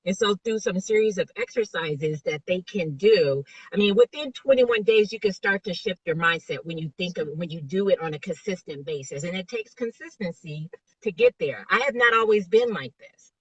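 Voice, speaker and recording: A woman's voice: on the low side, animated, moderate pace, a bit bright, husky, no room sound, distant mic, lo-fi sound. A woman life coach, a guest in an interview, explaining motivational ideas with a string of rhetorical questions over remote call audio.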